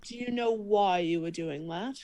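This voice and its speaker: A woman playing a tabletop game in casual chat, playful and full of quick questions. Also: mid-range voice, mellow. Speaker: player.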